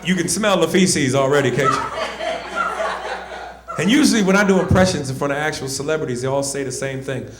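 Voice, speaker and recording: Man, stand-up comic, brash storyteller, raised pitch, echoey stage. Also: fairly quick, pauses often. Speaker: stand-up comedian. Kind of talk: stand-up comedy.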